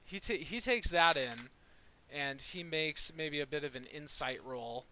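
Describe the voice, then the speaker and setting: A man's voice: fairly high pitch, unhurried, bright, forceful tone, a little hiss or hum. A man narrating as dungeon master, casual and rambling with many fillers. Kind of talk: narrating a tabletop game.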